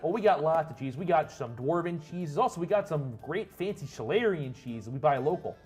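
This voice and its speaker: A man voicing a large, friendly male dwarf deli vendor with a Minnesotan accent and a jolly, booming hawker's manner. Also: expressive, a little fast, darkish tone, soft background music, lightly acted.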